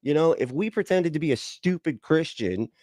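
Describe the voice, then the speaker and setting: A man's voice: a little high, lively intonation, normal speed, a little mellow, no echo. A man hosting a casual livestream, reacting to videos and greeting chat in a sarcastic, laid-back, profane way. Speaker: livestream host.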